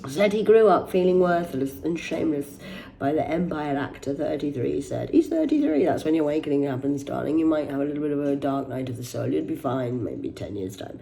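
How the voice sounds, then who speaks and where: A woman rambles through the celebrity headlines, swearing and drifting into mock outrage. Her pitch swings widely from low mutters to high indignant peaks. Her tone is dark and mellow. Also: expressive, a little fast, vocal fry, a little hiss or hum. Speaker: host reading celebrity news. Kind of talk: casual news commentary.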